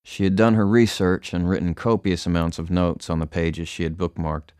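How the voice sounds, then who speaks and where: A man reading a first-person story aloud in an even, measured way, recorded close to the mic. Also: sits low, smooth, dry recording. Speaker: audiobook narrator. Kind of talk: scripted first-person narration.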